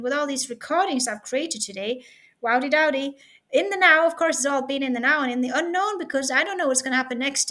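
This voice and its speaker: Giggly high-voiced Norwegian woman. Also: fairly bright tone. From Norway. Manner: playful, giggly, rambling. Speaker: vlogger. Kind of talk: casual vlog chat. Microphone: webcam.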